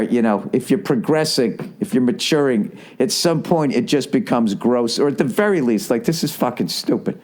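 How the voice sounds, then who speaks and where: A man in his forties hosting a solo comedy podcast, telling stories in a profane, rambling way, with many "right?" asides and quick mocking impressions. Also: a little mellow. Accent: Boston. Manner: slips into mocking impressions with jumps in pitch. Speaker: podcast host.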